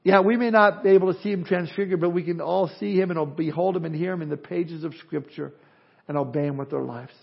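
A man with a high voice preaches to his congregation in an expressive style. He pushes his key points loudly and drops to quiet asides in between. The recording sounds dull and lo-fi. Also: fairly quick, vocal fry, breathy edge. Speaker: pastor. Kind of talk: sermon.

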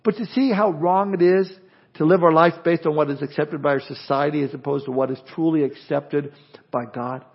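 A pastor preaching a sermon with animated delivery, acting out imagined people's objections. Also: male voice, on the high side, normal speed, creaky, slightly rough, highs cut off. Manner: animated, acts out imagined speakers.

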